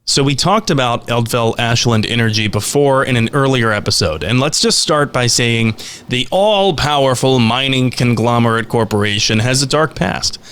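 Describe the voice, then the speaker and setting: A man hosting a podcast, explaining game lore in a steady storytelling way. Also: medium pitch, normal speed, clean tone. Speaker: podcast host.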